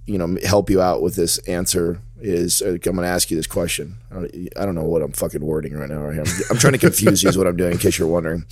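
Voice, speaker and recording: A man in his thirties hosts a casual podcast in a low voice. He speaks in a laid-back way, peppered with dude and bro. The recording is close and dry. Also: fairly even intonation, quick pace, hardly any pauses, darkish tone, slightly rough, no room sound. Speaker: podcast host.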